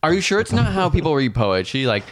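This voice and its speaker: A man's voice: a little high, sing-song, quick pace. Guy on a podcast poking holes in his cohost's claims, laughing a lot, voice going way up and down. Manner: skeptical, questioning, laughs often. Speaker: podcast co-host. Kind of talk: casual chat.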